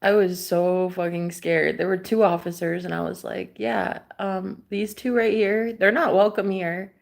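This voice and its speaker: A young woman vlogger telling a story in a casual, animated way, swearing freely and acting out what people said. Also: lowish voice, a little slow, vocal fry.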